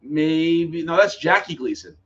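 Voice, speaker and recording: A man's voice: fairly high pitch, measured pace, fairly bright tone, lo-fi sound. A man co-hosting a podcast, chatting casually. He talks hesitantly and agreeably, with frequent restarts. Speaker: podcast co-host. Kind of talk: casual chat.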